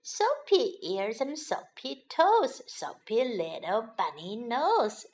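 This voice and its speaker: A woman as a gentle mother rabbit. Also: fairly high pitch, huge pitch swings, slow, heavily acted. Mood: tender. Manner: gentle, motherly, sing-song. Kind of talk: children's storybook reading.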